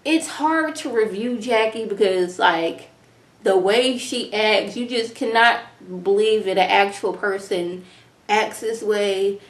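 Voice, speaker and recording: A woman's voice: medium pitch, takes it slowly. Young woman ranting about a tv episode, chatty, does little mocking voices, roomy echo. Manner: animated, chatty, slips into mocking impressions. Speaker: reality TV reviewer. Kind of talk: casual on-camera episode review. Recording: echoey room.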